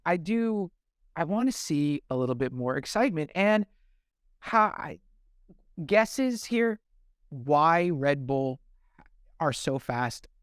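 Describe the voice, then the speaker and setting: A man co-hosting a sports podcast, talking casually in a relaxed, halting way with frequent restarts. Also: a little high, clean tone, no echo, studio quality. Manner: halting, restarts words, easygoing. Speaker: podcast co-host. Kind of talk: casual chat.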